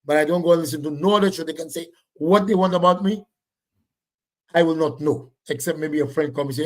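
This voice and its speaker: Brief: male livestream host, loud and blunt, voice sits a bit high. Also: fast. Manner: loud, blunt, repetitive scolding of commenters. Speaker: livestream host reading viewer comments. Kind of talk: casual livestream chat.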